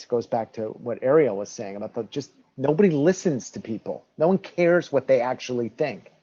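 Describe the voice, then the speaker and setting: A man's voice: medium pitch, animated, fairly quick, hardly any pauses, dark tone, breathy edge. A man being interviewed as a guest on a podcast, explaining his points emphatically and sometimes restarting his sentences. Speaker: guest, election reform advocate. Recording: dull lo-fi audio.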